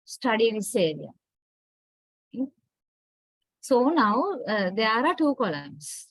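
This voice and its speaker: Sri lankan lady lecturer, talks real slow, kinda high voice, dry sound. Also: no echo, rough recording. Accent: Sri Lankan English. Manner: slow, deliberate, checks with "right?". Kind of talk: online lecture.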